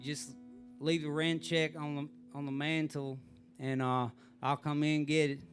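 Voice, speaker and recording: A man's voice: a little high, level tone, measured pace, music in the background, pitched above the performer's own voice, lightly acted. A man putting on a laid-back male landlord from the American South. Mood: friendly. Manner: drawling, laid-back, repeats himself. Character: easygoing Southern US male landlord, middle-aged.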